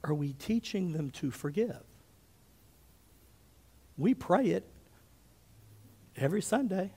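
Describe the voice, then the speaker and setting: A man in his fifties preaching a sermon as pastor, telling stories with big swings between loud and hushed, often checking in with "okay?". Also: sits high, takes it slowly, gravelly, pauses often, slightly rough. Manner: animated storyteller, often checks in with "okay?", drops to a hush for quotes.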